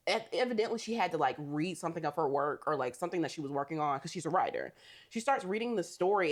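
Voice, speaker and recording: A woman co-hosting a podcast, animatedly recapping a movie in casual chat, swearing and laughing often. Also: sits low. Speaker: podcast co-host.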